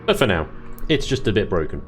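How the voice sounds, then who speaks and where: A man casually commentating his strategy game play, chatty, self-deprecating and quick to laugh. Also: deep voice, sing-song, soft background music. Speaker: let's play host.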